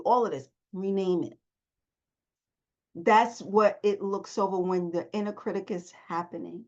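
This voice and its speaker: A woman's voice: mid-range voice, slow pace. A woman therapist giving a motivational self-help talk, emphatic and repeating her key phrases. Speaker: therapist coaching viewers. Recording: dull lo-fi audio.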